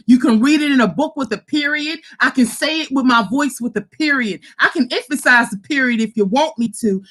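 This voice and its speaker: A woman in her thirties talks candidly and passionately, her words blunt and often profane. Her voice sits high and rings bright and forceful, and she drives each point home with fervent emphasis. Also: moderate pace, few pauses. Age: 30s. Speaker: social worker and host. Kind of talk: impassioned personal talk.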